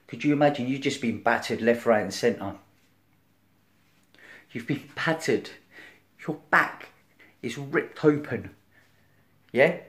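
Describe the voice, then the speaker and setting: A man giving an informal sermon in a conversational style. He checks in with "right?" often, acts out the voices in the story, and swings between loud, emphatic stretches and quiet, low lines. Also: takes it slowly, long pauses. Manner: conversational, keeps asking "right?", acts out crowd and Pilate. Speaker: preacher.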